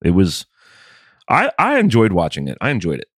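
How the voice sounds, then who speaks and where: A man's voice: deep voice, wildly swooping pitch, moderate pace, no echo, studio quality. A man co-hosting a casual podcast chat, talking in an easygoing, rambling way about films. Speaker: podcast co-host.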